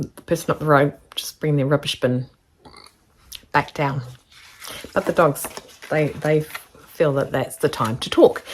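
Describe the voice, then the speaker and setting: A woman chatting casually to camera from her home sewing studio, rambling and excitable as she shows her makes. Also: fairly low pitch. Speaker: sewing vlogger.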